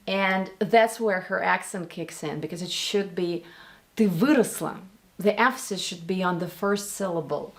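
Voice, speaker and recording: A Russian-accented woman from Russia teaching pronunciation, demonstrating sounds by repeating words and single sounds. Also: lowish voice. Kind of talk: pronunciation lesson commentary.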